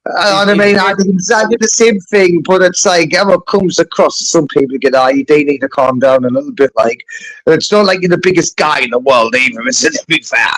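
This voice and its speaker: High-voiced man, loud, rambling panel chatter. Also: a little fast, dry recording, low-quality recording. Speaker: panel guest. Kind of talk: casual live-stream chat.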